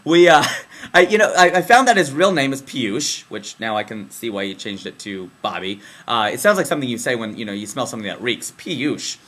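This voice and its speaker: A young man doing a casual, slangy comic commentary monologue, jumping between excited bursts and low deadpan asides. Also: quick pace. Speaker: comedian. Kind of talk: comedic political commentary monologue.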